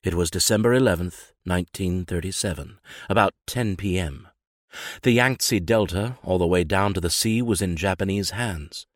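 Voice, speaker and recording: A man narrating a nonfiction story in a measured, grave manner. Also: low voice, dry recording, clean studio sound. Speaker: author and narrator. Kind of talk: scripted narration.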